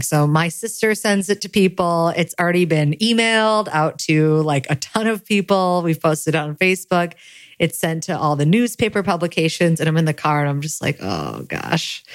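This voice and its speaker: Low-voiced woman telling a personal story. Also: no room sound. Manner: candid, self-deprecating, laughs at herself. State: grieving. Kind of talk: personal story, casual monologue.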